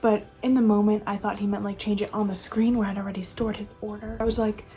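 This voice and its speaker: A young woman tells a casual story about her job at a fast-food counter. She rambles and keeps reaching for filler words. Her voice sits at an ordinary middle pitch, with faint music behind her. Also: level tone, dark tone. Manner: chatty, rambling, lots of "like" fillers. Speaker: fast-food cashier telling work stories.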